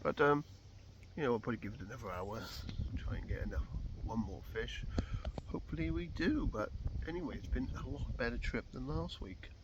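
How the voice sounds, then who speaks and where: A man's voice: mid-range voice, animated, a little fast, muffled recording, noisy background. A man vlogging a fishing session outdoors at a pool, in a chatty, rambling, easygoing way. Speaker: angler vlogger. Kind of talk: casual fishing vlog.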